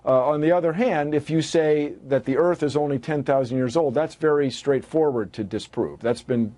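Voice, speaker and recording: Man in an interview, mellow voice a bit high, calm and explaining things. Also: normal speed. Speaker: interview guest. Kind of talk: conversational interview.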